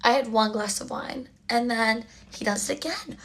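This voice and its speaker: A young woman with a slightly high voice tells a story in a casual, chatty monologue. She is blunt and uses plenty of fillers. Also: moderate pace, fairly bright tone, slight background noise.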